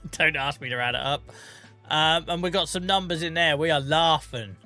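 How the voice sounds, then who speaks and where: A man in his forties, live streaming a farming game and chatting casually with his chat, joking, laughing often and greeting viewers by name on a boom-arm mic. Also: moderate pace, pushed and bright, faint music behind. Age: 40s. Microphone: boom-arm microphone.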